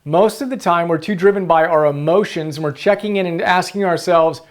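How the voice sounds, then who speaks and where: A man's voice: high voice, fairly quick. A man hosting a motivational book-summary video, earnest and emphatic, repeating key phrases for stress.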